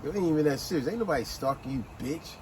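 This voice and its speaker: A man's voice: fairly high pitch, animated, rapid-fire, a little mellow, slight background noise, lightly acted. A man voicing a touchy young male street tough who answers in a dismissive, curt way.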